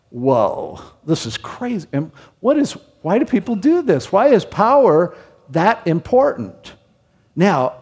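A pastor gives an expository sermon, teaching from the Bible conversationally and asking frequent rhetorical questions. His voice is on the high side, husky, and a little mellow, with long hall reverb on the recording.

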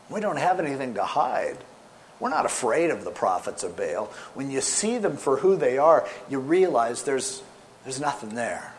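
A man preaching a sermon with animated storytelling, swinging between loud emphasis and soft asides. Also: medium pitch, normal speed, slight background noise. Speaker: pastor.

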